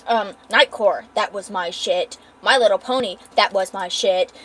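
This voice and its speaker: A woman's voice: mid-range voice, unhurried, fairly bright tone. A young woman chatting casually as she draws on a livestream, swearing freely. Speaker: art streamer. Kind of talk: casual livestream chat while drawing.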